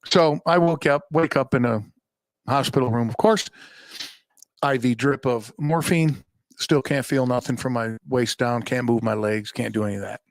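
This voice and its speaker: A man's voice: mid-range voice, normal speed, dry recording, clean studio sound. A man hosting a podcast, telling a personal story in a rambling, profane, self-mocking way. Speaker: podcast host. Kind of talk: casual storytelling monologue. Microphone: podcast microphone.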